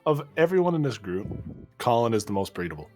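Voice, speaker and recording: Lively male player, deadpan teasing over faint music. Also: medium pitch, fast. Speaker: tabletop game player. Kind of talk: casual chat on a live stream.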